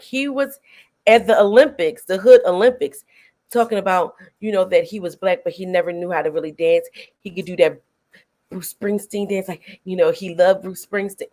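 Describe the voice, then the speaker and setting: A middle-aged woman hosting a casual film review chat, retelling scenes with animated energy and frequent laughter. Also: lowish voice, normal speed. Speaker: host.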